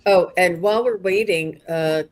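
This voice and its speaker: A woman's voice: lowish voice, moderate pace. A woman hosting a casual livestream card reading, chatty and gushing, stumbling over names. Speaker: host, psychic card reader.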